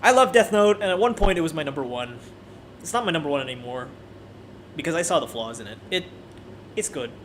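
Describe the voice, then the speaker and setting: High-voiced man ranting casually. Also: brisk, long pauses, a little hiss or hum. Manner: animated, profane, frequent restarts. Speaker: anime video creator.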